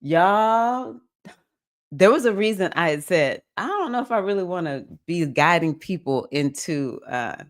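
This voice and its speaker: A woman's voice: lowish voice, expressive, measured pace. A woman hosting a casual livestream chat, enthusiastically cheering on viewers and reading their comments aloud. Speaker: livestream host.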